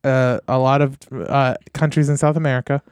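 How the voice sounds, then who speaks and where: A man hosting a podcast in casual chat, easygoing and laughing, pausing often to search for words. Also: medium pitch, level tone, a little mellow, clear, resonant tone, dry recording, studio quality. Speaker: podcast host.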